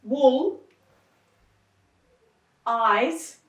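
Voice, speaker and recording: A woman's voice: sits high, very slow, a bit bright. Playful female talk show co-host. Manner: playful quizmaster, bursts of delight. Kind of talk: casual chat. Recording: roomy studio from a distance.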